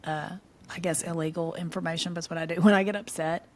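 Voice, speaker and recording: Middle-aged lady cohost, chatty and animated, laughs a lot, folksy talk. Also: fairly low pitch, fast talker, a little hiss or hum. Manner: animated storyteller, laughs often, folksy southern phrasing. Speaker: podcast co-host. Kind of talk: casual chat.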